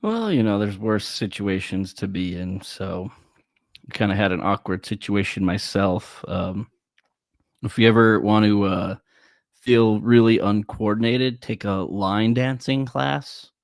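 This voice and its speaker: A man co-hosting a podcast, joking in a wry, deadpan way with hesitant fillers. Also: on the low side, a little slow, no room sound, clean studio sound. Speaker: podcast co-host. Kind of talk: casual podcast chat.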